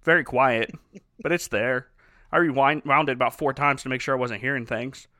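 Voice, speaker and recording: Podcast co-host, man, bright and upper-pitched, wry movie-recap storyteller, dry close mic. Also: normal speed, no room sound. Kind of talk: casual comedic movie recap.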